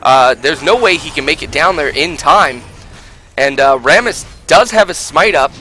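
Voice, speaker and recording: Male esports caster, bright tense voice, climbs loud in fights, faint hiss behind. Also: lively intonation, moderate pace. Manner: rises loud and high in fights, many fillers. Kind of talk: solo live game commentary.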